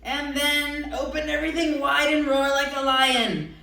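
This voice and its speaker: A woman with a high voice leads children through a yoga routine, cheerful and encouraging as she asks how they feel. She stands back from the microphone, and her words ring through a strongly echoing room. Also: a little slow, creaky, heavy background noise. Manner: cheerful, encouraging, coaxing questions to kids. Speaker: kids' yoga instructor. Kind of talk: guided yoga instruction for children. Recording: very echoey room, far from mic.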